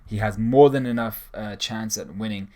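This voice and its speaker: Casual male reviewer, somewhat low voice, sarcastic and profane, does quick character voices. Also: a little mellow. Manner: sarcastic, swearing, acts out characters. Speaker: manga reviewer.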